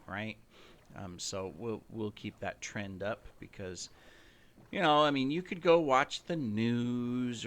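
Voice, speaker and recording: Man, gameplay commentary host, rambling, chatty, self-mocking bragging, middle-pitched voice. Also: a bit bright. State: slightly out of breath, coughing. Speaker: gaming channel host.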